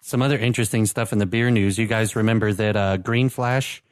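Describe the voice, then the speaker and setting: A man co-hosting a podcast, talking in a halting, laid-back way with many fillers. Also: on the low side, steady tone, slight background noise. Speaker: podcast co-host. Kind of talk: casual chat over beer tasting.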